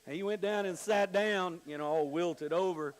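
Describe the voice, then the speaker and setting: A middle-aged male pastor preaching a sermon, shifting between hushed scripture reading and emphatic storytelling with quoted voices. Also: high voice, moderate pace, poor audio. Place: church sanctuary.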